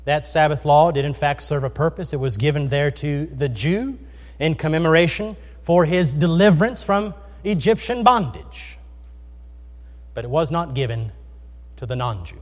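A man with a high voice preaches earnestly, pressing his listeners with rhetorical questions and stressing each point. His voice rings out with a long reverb from a large hall. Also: moderate pace. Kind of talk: sermon.

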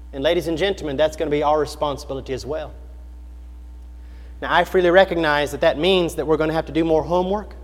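A male preacher delivering a sermon with a high-pitched voice. He speaks earnestly, asks the congregation questions and repeats phrases for emphasis. His voice carries with a long reverb in a large hall. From United States.

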